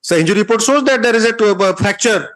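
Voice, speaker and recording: A man's voice: high voice, fast talker, fairly bright tone. A man with an Indian English accent, presiding as a judge at a court hearing, sternly lecturing and rebuking counsel.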